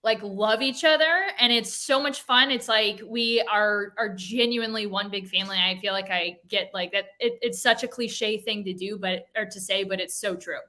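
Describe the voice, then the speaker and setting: A young woman co-hosts a sports chat show, rambling with lots of fillers and gentle teasing. Her voice is bright and forceful. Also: medium pitch, normal speed, few pauses. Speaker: co-host. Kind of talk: casual chat.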